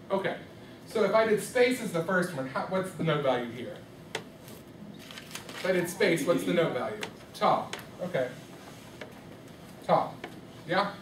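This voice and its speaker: A man's voice: on the high side, a little hiss or hum. A man teaching a class from afar. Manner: questioning, coaxing students to answer. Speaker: music teacher. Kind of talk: classroom microteaching lesson. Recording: echoey classroom from far off.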